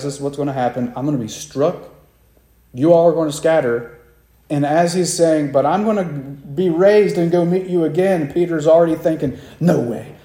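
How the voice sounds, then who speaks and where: A man's voice: on the high side, warm tone. Preaching man in an echoey room. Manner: acts out the quoted disciples with raised voices. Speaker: pastor. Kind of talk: sermon.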